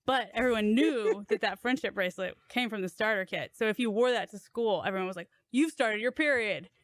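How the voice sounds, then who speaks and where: A woman's voice: mid-range voice, dry recording. A woman telling an embarrassing childhood story in casual chat, giggling as she goes. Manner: quick, giggly, self-deprecating. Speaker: podcast regular.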